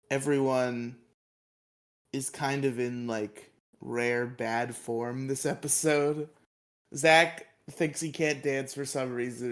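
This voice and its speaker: A man co-hosting a casual podcast, recapping episodes with lots of laughter and acted-out lines. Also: mid-range voice. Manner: animated, laughs often, acts out characters' lines. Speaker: podcast co-host.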